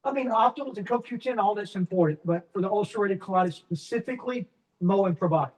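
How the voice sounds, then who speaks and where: A man's voice: high voice, fast, rough recording. A man coaching a live crowd at a business event, telling jokey stories. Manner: jokey, storytelling. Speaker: network marketing coach.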